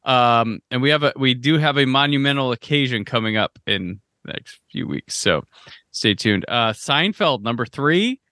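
A man's voice: medium pitch, expressive, moderate pace, sharp tone, dry recording, clean studio sound. A man hosting a casual film podcast, laid-back and running through rankings. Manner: laid-back, rattles off ratings lists. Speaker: podcast host.

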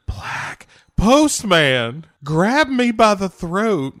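A man voicing a flustered older Southern lady clutching her pearls, shrill and giggling. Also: sing-song, very slow, a bit bright, full character voice. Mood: scandalized.

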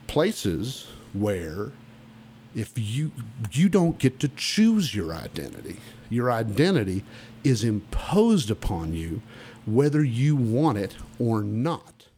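A middle-aged man from Oklahoma, a musician guest on a podcast, speaking emphatically and deliberately. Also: mid-range voice, big pitch swings, mellow, a little hiss or hum. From Oklahoma, USA. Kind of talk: podcast interview.

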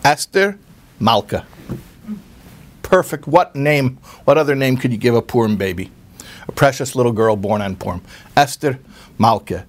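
A man in the middle of a religious talk, telling a moving story with earnest care. He stumbles and repeats words now and then, with a voice of ordinary male pitch. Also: normal speed, pauses often. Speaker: speaker giving a religious talk.

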